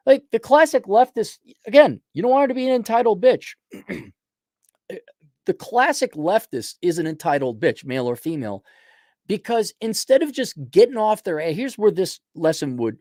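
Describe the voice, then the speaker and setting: A man's voice: on the high side, big pitch swings, fairly quick, a little mellow, no room sound, clean studio sound. A man hosting a show and ranting in a blunt, crude and combative way. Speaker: podcast host. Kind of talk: profane rant.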